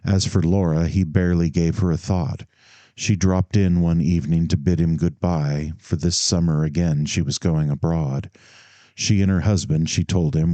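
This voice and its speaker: A man reading a classic novel aloud as an audiobook narrator in a measured storytelling manner. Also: deep voice, warm tone, no echo. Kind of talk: scripted narration.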